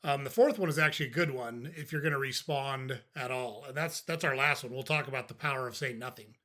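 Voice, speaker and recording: Bright-voiced older man giving dry advice. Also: medium pitch, fast. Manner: conversational, dry, acts out sample replies. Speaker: podcast host. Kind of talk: casual advice talk.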